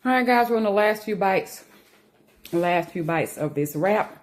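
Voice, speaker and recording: Her mid-range voice moves at normal speed as this vlogger chats casually between bites of food. She rambles in an animated way and owns up to being anxious.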